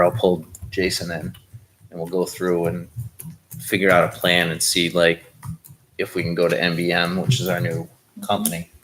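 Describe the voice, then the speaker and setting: A man's voice: deep voice, fairly bright tone, slight background noise, rough recording. A man reporting budget items at a school board meeting in a plain, businesslike way, with fillers. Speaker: school district official.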